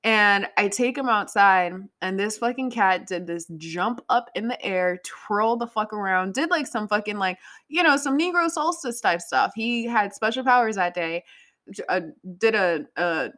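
A woman's voice: medium pitch, normal speed, a bit bright. A woman hosting a podcast, chatting casually in a rambling way, swearing freely and laughing often. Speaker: podcast host. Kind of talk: casual chat.

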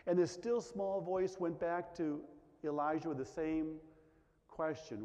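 A man preaching a sermon, asking many questions and dropping to a hush on the quiet lines. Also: a little high, steady tone, unhurried. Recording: dull sound with long reverb in a large hall.

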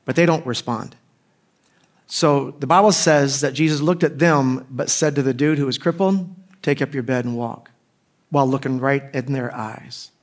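A man's voice: medium pitch, moderate pace. A middle-aged man preaching a casual sermon as pastor, conversational and joking, acting out the voices of the people in his stories.

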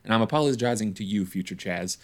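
A male podcast host chatting casually from home, quick to laugh and fond of playful apologetic asides. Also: lowish voice. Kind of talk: casual chat.

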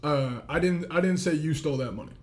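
A man's voice: on the high side, fast talker. A man from New England co-hosting a casual podcast, brash and profane in his talk. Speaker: podcast co-host. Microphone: studio podcast mic.

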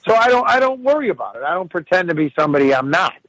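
Gravelly, profane storytelling man. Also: high-pitched, very animated, rapid-fire, fairly bright tone, dry recording, rough recording. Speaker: podcast guest storyteller. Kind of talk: casual chat.

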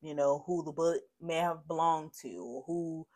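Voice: mid-range voice, flat delivery, normal speed, darkish tone. An adult podcast host speaking in a candid, rambling personal monologue, shaken and turning heated and profane.

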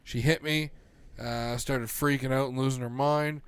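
A man's voice: mid-range voice, fairly even intonation, moderate pace, clear, resonant tone, no room sound. Brash swearing young man telling stories. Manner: swearing, loud storytelling. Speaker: podcast co-host. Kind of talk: casual chat.

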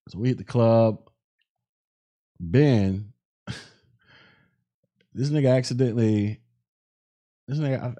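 A man hosts a podcast and spins a rambling story with a lot of swings in his pitch. His voice is warm and dark. He talks loosely, with plenty of slang and profanity, and often stops and restarts mid-sentence. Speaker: podcast host. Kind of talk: casual storytelling.

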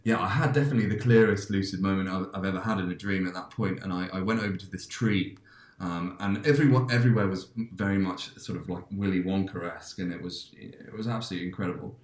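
Podcast host, male, low voice, loose rambling storyteller, echoey room. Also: fast talker. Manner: rambling, many restarts and fillers. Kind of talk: casual chat, telling a dream. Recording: roomy echo.

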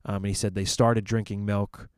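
In a casual faith discussion, a man from a church ministry thinks aloud about matters of belief, pausing on fillers and restarting sentences. His fairly low voice has a clear, resonant tone. The recording is dry and close, with no room echo.

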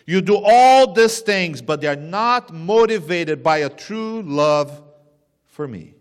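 A man preaching a sermon, swinging between loud emphatic bursts and hushed, low lines. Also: animated, slow, clean tone. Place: church sanctuary. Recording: long reverb of a church hall.

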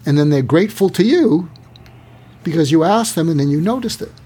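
A man's voice: on the high side, fairly quick, slightly rough. A man, an author being interviewed, explaining techniques in a conversational way and acting out example dialogue. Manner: animated, acts out dialogue examples. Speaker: author and guest.

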